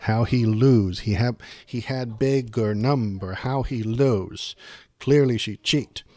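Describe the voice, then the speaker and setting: A man's voice: medium pitch, slow, darkish tone, dry recording. A man putting on a mocking impression of a dim-witted, blustering grown man who grunts and talks in broken, simple grammar.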